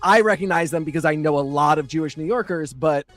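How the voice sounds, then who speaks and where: A man's voice: on the high side, fast talker. A man co-hosting a casual podcast, talking at length with many fillers and asides. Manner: chatty, digressive, many fillers. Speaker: podcast co-host. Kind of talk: casual chat.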